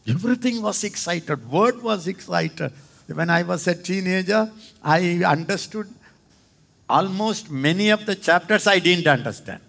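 A male preacher, giving a lively sermon and often jumping into high, excited exclamations. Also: moderate pace, gravelly. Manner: addresses listeners as "Thambi" and "Anna".

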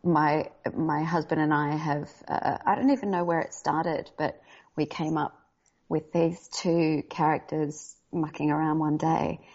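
A woman's voice: sits low, flat delivery, unhurried, a little mellow. A woman voice actor chatting as a podcast guest, talkative and enthusiastic. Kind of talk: casual podcast chat. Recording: slightly dull lo-fi sound.

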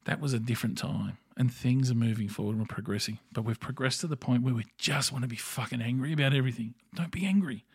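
A man's voice: medium pitch, quick pace, hardly any pauses, a little mellow, breathy edge, no room sound, clean studio sound. A middle-aged man with an Australian accent, hosting a podcast and delivering a blunt, profane, opinionated solo monologue. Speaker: podcast host.

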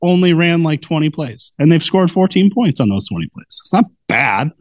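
A young man co-hosting a casual sports podcast, joking and getting animated when he quotes people. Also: fairly high pitch, normal speed, dry recording. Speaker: podcast co-host.

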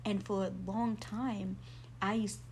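A woman guest telling her faith testimony in an earnest, animated way. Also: mid-range voice, takes it slowly, a little hiss or hum.

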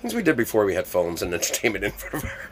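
A man telling wild stories in casual chat, swearing freely and loudly acting out the scenes. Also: on the low side, very fast, a little hiss or hum. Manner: animated storyteller, swears a lot, acts out scenes loudly.

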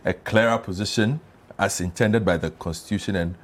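A man's voice: on the low side, brisk. A man hosting a political panel, pressing guests with pointed questions. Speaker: talk show host.

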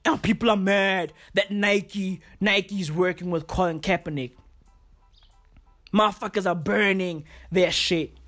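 A man's voice: high voice, a bit bright. Profane, slangy man ranting solo. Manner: profane, slangy, repeats himself, heavy fillers. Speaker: podcast host. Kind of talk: casual solo rant.

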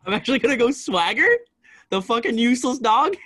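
A young man with a high voice that leaps all over the place chats on a podcast from a home room. He teases his co-hosts relentlessly, breaks into laughter often and swears without a second thought. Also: huge pitch swings, normal speed, sharp tone, breathy edge. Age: 20s. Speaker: podcast co-host. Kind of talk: casual podcast banter.

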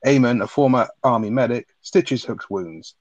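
A man co-hosting a podcast, reading a plot summary and chatting about a film in a relaxed way. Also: medium pitch, normal speed, no room sound. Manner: relaxed, laughs, tag questions. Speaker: podcast co-host. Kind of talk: reading a plot summary, then casual chat. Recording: dry, slightly dull mic sound.

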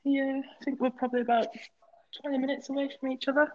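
A woman's voice: sits high, flat delivery, highs cut off, slight background noise. Giggly young Englishwoman bantering. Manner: giggly, quick-witted banter. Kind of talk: casual chat.

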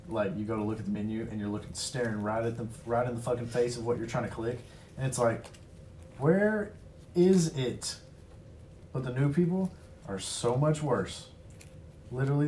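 A man's voice: medium pitch, rough recording. Laid-back, swearing man, faint background hum. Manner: relaxed, profane, fillers like "like". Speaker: restaurant server. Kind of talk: casual chat.

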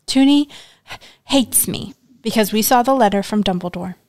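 A woman's voice: mid-range voice, wildly swooping pitch, measured pace, fairly bright tone, dry recording, clean studio sound, exaggerated voice. A woman voicing a young girl who is tearful, proud and hurt, reading aloud in a storybook live read. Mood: upset.

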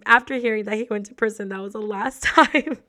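A woman's voice: mid-range voice, a little fast. A woman hosting a show, casually and expressively telling a personal story, with lots of fillers and frequent laughter. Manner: expressive, chatty, laughs often, many fillers. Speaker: host.

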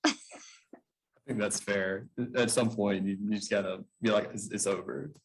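A man interviewing in a relaxed, easygoing way. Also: on the low side, moderate pace, gravelly, slight background noise, rough recording. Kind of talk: casual interview.

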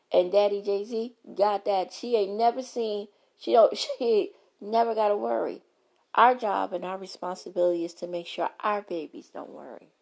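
A woman's voice: medium pitch, gravelly, darkish tone. A woman hosting her own show, delivering an impassioned, repetitive rant straight to her viewers in slangy, emphatic speech. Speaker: vlogger and show host.

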